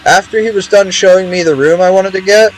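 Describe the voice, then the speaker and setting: A man's voice: high voice, a little fast, a little hiss or hum, rough recording. A young man streaming a game, chatting casually in a rambling, profane way with many restarts. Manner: rambling, profane, repeats words.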